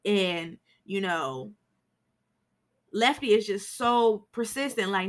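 A woman's voice: medium pitch, slow, pauses often. A woman hosting a podcast, giving a chatty, frank film recap and swearing now and then for emphasis. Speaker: podcast host.

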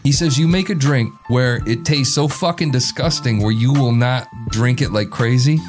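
A man's voice: medium pitch, moderate pace, music in the background. A man hosting a podcast, chatting casually and laughing as he looks back on old episodes. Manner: animated, laughs a lot, profane. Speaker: podcast host. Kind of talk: casual chat, recalling past episodes.

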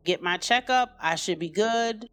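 A woman's voice: medium pitch, measured pace, a bit bright, a little hiss or hum. A woman candidly telling her own life story in a loose, conversational way, with lots of "you know" and "like". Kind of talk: personal storytelling, unscripted.

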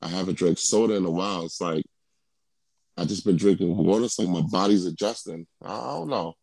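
A man's voice: low-pitched, fairly quick, gravelly, darkish tone, dry recording. A man co-hosting a casual chat, talking in a laid-back, rambling way with fillers, sounding a little congested. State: congested, under the weather. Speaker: podcast co-host.

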